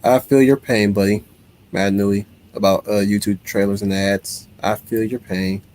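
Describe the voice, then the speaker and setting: Low-voiced man rambling on a livestream. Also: measured pace. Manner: rambling, many restarts, animated. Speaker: livestream host reading chat. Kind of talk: casual chat.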